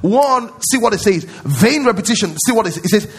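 A man's voice: sits high, lively intonation, a little fast, slightly rough. A man preaching a sermon as pastor at a church service, emphatic and repetitive, often quizzing his congregation.

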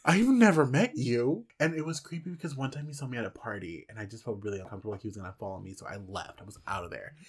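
A person in their twenties in casual chat, expressive and blunt, with loud reactions and swearing. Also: deep voice, racing, few pauses, slightly rough.

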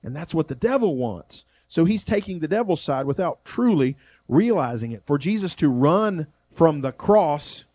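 A man preaching a sermon as pastor, shifting between loud emphasis and quiet, drawn-out phrases. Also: a little high, expressive, no echo.

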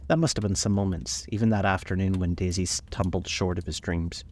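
Guy reading a classic novel, really low voice, calm and thoughtful, slows down on the big bits. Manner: measured, reflective, slows on key passages. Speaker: narrator.

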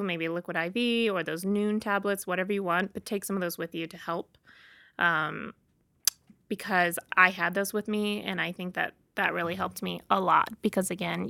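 Woman rambling about her trip, chatty and animated, dry close sound. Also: medium pitch, vocal fry, no room sound. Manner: chatty, animated storyteller with frequent fillers. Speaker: travel advisor. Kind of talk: casual personal storytelling.

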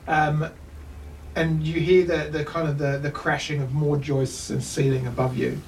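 A man's voice: a little high, little pitch movement, normal speed. A man with a New Zealand accent, narrating a tabletop game as game master, rambling with many ums and restarts. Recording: distant mic with faint noise.

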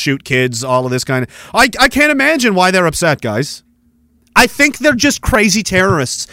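A man's voice: medium pitch, fairly bright tone, clean tone, dry recording. A man hosting a podcast, ranting sarcastically and with heavy profanity while commenting on news clips. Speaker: podcast host.

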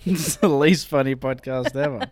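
A man co-hosting a comedy podcast, trading deadpan, playful banter. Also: mid-range voice, normal speed, no echo. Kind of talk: casual podcast chat.

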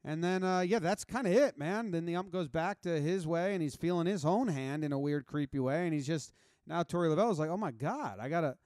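A man telling a story and acting out the yelling and cursing of the people in it, excitable and crude. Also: fairly high pitch, fairly quick, no room sound, studio quality. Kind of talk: storytelling with acted-out quotes.

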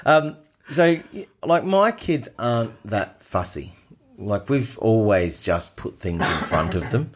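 A middle-aged man, co-hosting a casual chat and telling an animated story with frequent laughs. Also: medium pitch, unhurried. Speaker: podcast co-host.

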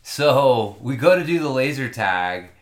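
A man's voice: mid-range voice, big pitch swings, unhurried, echoey room. A man telling a long story in casual chat, rambling and swearing freely.

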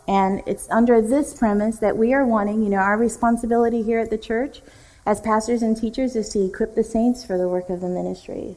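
A woman's voice: mid-range voice, low-quality recording. A woman pastor teaching a church leadership class, conversational and fond of jokes. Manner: warm, joking, conversational teaching. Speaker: executive pastor.

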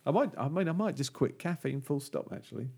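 A man's voice: fairly high pitch, expressive, brisk, creaky, darkish tone, breathy edge. A man co-hosting a podcast, chatting casually and telling a long, rambling joke with many fillers. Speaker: podcast co-host.

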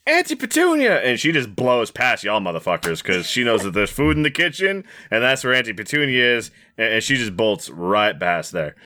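A man's voice: fairly low pitch, sing-song, normal speed, few pauses, sharp tone. A man narrating a tabletop game as game master, with loose, profane storytelling.

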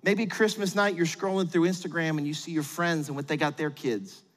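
A middle-aged man preaching a sermon as pastor, animated and acting out quotes in little voices. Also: a little high, brisk, big-room sound.

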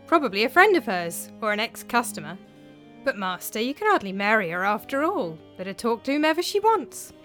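A woman voicing a quick-witted young male slave who talks urgently and persuasively. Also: fairly high pitch, very animated, fairly bright tone, faint music behind.

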